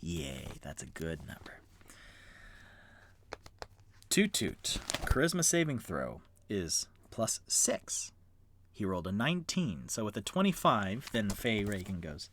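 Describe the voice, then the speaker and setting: A man narrating a tabletop game as dungeon master and solo player, telling the story in an animated way. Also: fairly low pitch, a little slow, slight background noise.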